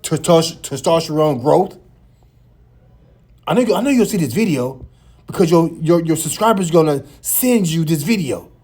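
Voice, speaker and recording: A man with a small, high voice hosting a reaction video, teasing and laughing as he comments. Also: lively intonation, normal speed, a little mellow, slightly rough. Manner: high light voice.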